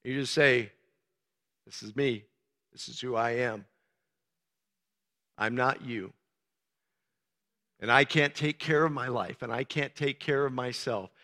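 A man preaching a sermon as pastor, swinging from soft, low talk to loud, emphatic shouting. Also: fairly even intonation, slow pace, long pauses. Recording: long reverb of a large hall.

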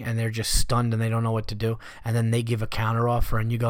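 Profane New comic talking on a dry mic. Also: male voice, medium pitch, monotone, quick pace, few pauses, dry recording. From New York. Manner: profane, blunt storyteller who rants and riffs. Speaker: stand-up comedian and podcast host. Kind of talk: casual solo podcast monologue.

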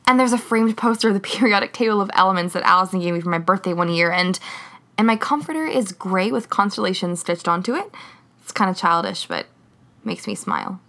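A woman's voice: medium pitch, big pitch swings, a little fast, fairly bright tone. A woman reading the lines of a wry, confiding young woman in a story. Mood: tender.

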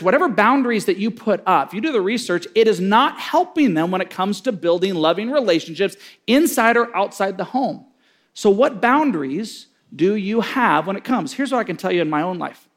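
A middle-aged man giving a sermon-style talk on parenting, telling stories and acting out the voices in them. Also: sits high. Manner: storytelling, acting out quoted voices with big swings.

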